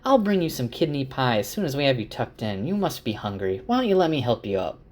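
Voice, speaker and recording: A man's voice: medium pitch, very animated, fast talker, darkish tone, pitched above the performer's own voice. Man doing a motherly older innkeeper lady, somewhat raised voice, chiding, coaxing.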